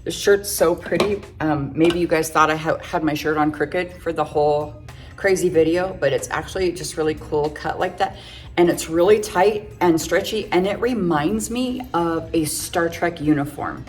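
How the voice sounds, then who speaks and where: A woman's voice: low voice, normal speed, soft background music. A middle-aged woman chatting through a casual makeup tutorial, full of self-joking, giggly asides. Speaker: makeup vlogger.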